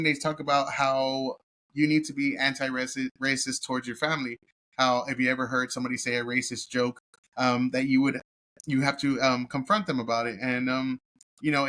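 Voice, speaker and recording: A man reviews a film in a loose, unscripted way, swearing freely and stumbling through fillers as he retells scenes. His voice is bright and forceful, pitched in an ordinary middle range. He chuckles now and then as he goes along. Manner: profane and rambling, heavy cursing with filler words; amused, laughs while telling the story. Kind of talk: casual movie review.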